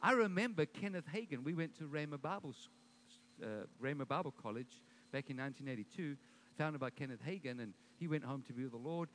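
A man's voice: fairly high pitch, animated, fairly quick, fairly bright tone, a little hiss or hum. A middle-aged man preaching a sermon as pastor, building points with emphatic repeated declarations and dropping in joking asides.

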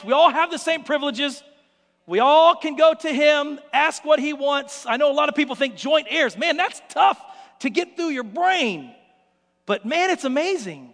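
A man preaching a sermon as pastor, telling stories in an animated way and acting out the scenes. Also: very high voice, long reverb tail.

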